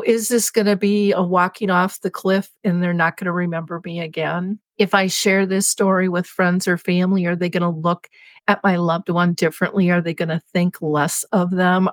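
A woman's voice: lowish voice, no echo. A middle-aged woman, a patient advocate, speaking in a heartfelt, reflective way in a podcast interview. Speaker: dementia patient advocate guest.

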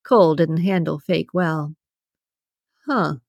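A woman narrating a romance audiobook in a steady, even storytelling manner. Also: lowish voice, normal speed, no room sound, studio quality. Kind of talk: scripted narration.

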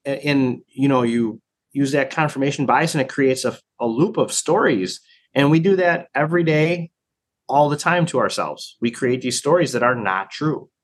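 A man talking in a relaxed interview as a training program director, thoughtful and full of fillers and restarts. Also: medium pitch, normal speed. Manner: reflective, many fillers and restarts. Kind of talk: casual conversation.

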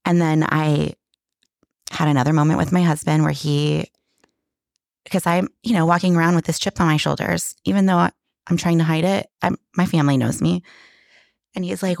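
A woman's voice: on the low side, fairly even intonation, moderate pace, creaky, long pauses, a little mellow, dry recording, studio quality. A middle-aged woman telling a candid personal story in casual conversation, emotional and full of restarts. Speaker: guest.

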